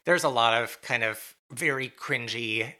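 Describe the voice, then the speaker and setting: A podcast co-host in casual chat, candid and quick to laugh. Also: mid-range voice, pushed and bright.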